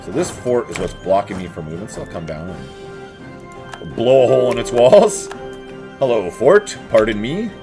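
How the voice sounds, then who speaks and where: Lively man narrating a strategy game. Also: on the low side, moderate pace, vocal fry, music in the background. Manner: chatty, talks to his armies and enemies, playful asides. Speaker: let's play host. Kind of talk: casual strategy game commentary.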